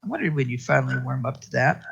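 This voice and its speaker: A man's voice: medium pitch, lively intonation, quick pace, gravelly, slightly rough, muffled recording, full character voice. A man reading the part of a laid-back male detective who teases his partner in dry banter. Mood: teasing.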